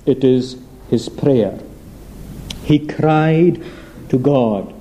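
A man preaching a sermon, earnest and emphatic, slowing down on weighty phrases. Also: mid-range voice, warm tone, slight background noise.

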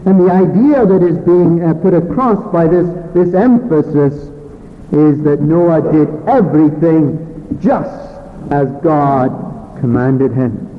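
High-voiced preacher on a tinny line. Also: male voice, a little hiss or hum. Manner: earnest, pausing with fillers and restarts. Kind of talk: sermon. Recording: phone-like thin sound with long hall reverb.

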